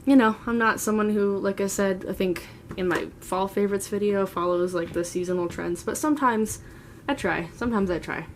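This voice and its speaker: A woman's voice: medium pitch, normal speed, slight background noise. A woman in her twenties chatting through a casual makeup collection tour, gushing and rambling as she talks. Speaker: beauty vlogger. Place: at home, seated.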